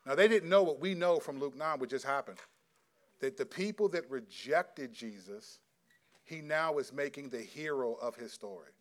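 A middle-aged pastor preaches in an earnest, conversational style, answering a question from the congregation during a sermon with audience Q&A and acting out quotes. His voice is medium-pitched at a moderate pace.

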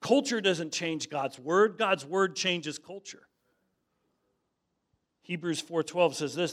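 A man's voice: a little high, slow pace, pauses often, fairly bright tone. A man preaching a sermon in a conversational way, telling stories and often saying "man". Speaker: pastor.

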